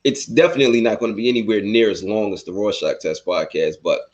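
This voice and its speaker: A man hosting a podcast, interviewing a guest in a relaxed way, laughing a lot and rambling a little. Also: on the low side, fast talker, highs cut off. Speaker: podcast host. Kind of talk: casual interview.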